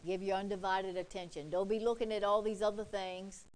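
A woman's voice: medium pitch, flat delivery, a little fast, rough recording. A woman preacher delivering an emphatic sermon, repeating points and quoting scripture. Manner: emphatic, repetitive, quotes scripture.

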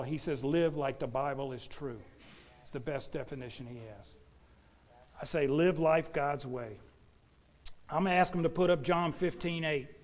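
An older man preaching a sermon in a folksy, animated way, talking straight to the congregation. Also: fairly high pitch. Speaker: pastor.

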